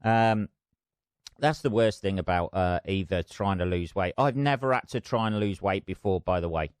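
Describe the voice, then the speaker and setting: Man, middle-aged, podcast host, rambling and sweary, lowish voice, smooth, dry close sound. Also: normal speed, no echo. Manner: rambling, sweary, self-mocking. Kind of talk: casual solo podcast chat.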